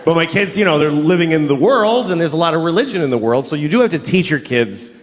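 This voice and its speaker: Middle-aged male stand-up comic, lively swooping delivery, profane rants, live theater with a roaring crowd. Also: fairly high pitch, quick pace, slight background noise. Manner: ranting, profane, mock-outraged with sudden yells. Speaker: stand-up comedian. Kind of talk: stand-up comedy set. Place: large theater stage before a laughing audience. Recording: roomy live venue with loud crowd.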